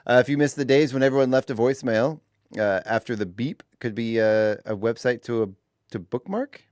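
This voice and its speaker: A man's voice: medium pitch, fairly quick, darkish tone, no room sound, studio quality. A man co-hosting a morning radio show, chatting casually, laughing easily and reading news items aloud with little restarts. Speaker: radio co-host.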